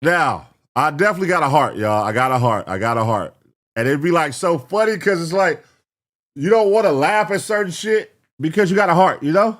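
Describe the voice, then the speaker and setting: A man's voice: on the high side, lively intonation, a little fast, a bit bright. Profane rambling reaction host, man. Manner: profane, rambling, talks to chat. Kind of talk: casual reaction commentary.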